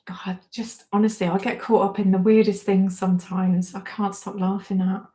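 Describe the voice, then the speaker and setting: A woman's voice: medium pitch, level tone, moderate pace, mellow. A woman, hosting a casual livestream, reading out comments, chatting and often breaking into giggles. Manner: giggly, keeps breaking into laughter; chatty and self-deprecating. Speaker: livestream host.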